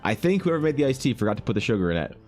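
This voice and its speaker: A man's voice: mid-range voice, sing-song, very fast, a little mellow, soft background music. A man live-streaming while drawing, rambling, joking and swearing casually with lots of restarts. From Canada.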